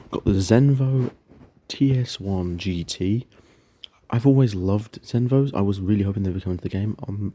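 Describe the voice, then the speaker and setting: Low, gravelly young man. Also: dark tone. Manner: chatty, rambling, self-correcting. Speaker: gaming video creator. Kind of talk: casual game commentary.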